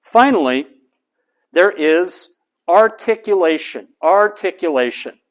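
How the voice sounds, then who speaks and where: Slow, deliberate lecturer. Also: male voice. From United States. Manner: demonstrates voice types, drops to flat low monotone for examples; deliberate, repeats key terms slowly. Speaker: college lecturer.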